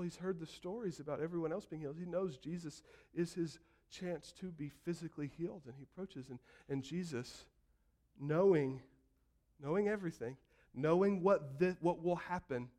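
Dramatic preaching man, rather high voice. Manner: storytelling preacher, acts out quotes and builds to shouts. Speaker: pastor. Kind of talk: sermon.

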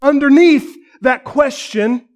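Male pastor, sermon, lively dramatic storyteller, fairly high voice, uses quiet drops for emphasis. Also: takes it slowly.

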